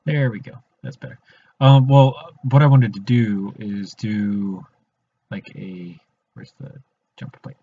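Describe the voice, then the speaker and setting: Young man, low voice, mellow, muttering while building, dull lo-fi stream audio. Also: steady tone, slow, breathy edge. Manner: muttering to himself while building, half-mumbled. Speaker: live stream host building a model. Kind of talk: casual live-stream chat.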